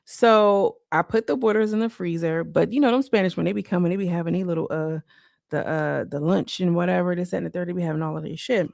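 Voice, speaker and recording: A woman talks to her live-stream viewers from home in a loose, rambling way, peppering every thought with "like." Her voice sits on the low side with a gravelly, fry-laden edge. The sound is dry and close, with no room echo. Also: fast talker, a little mellow. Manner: rambling, loose, full of "like" fillers. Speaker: livestreamer. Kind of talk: casual live-stream chat.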